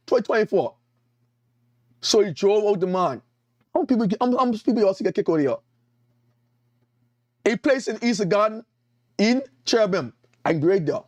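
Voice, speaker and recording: A man's voice: high voice, animated, brisk, pauses often, darkish tone, dry recording. A man with a Caribbean accent preaching a sermon as an evangelist, emphatic and repetitive, calling out to his congregation. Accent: Caribbean English.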